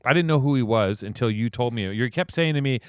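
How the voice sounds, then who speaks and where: A man's voice: mid-range voice, lively intonation, quick pace, smooth, dry recording. A man co-hosting a podcast, telling stories in a joking, teasing way and swearing freely. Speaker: podcast co-host. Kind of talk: casual chat.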